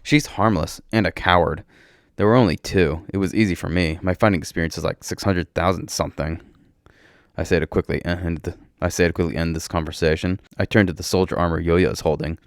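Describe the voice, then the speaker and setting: A man reading a first-person story aloud in a brisk, wry manner. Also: sits low, steady tone, vocal fry, no echo, clean studio sound.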